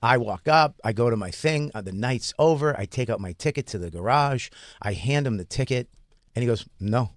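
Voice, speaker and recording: A man telling a story on a podcast in a casual, profane, animated way, laughing often as he goes. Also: medium pitch, brisk, no room sound, studio quality. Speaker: podcast host, comedian.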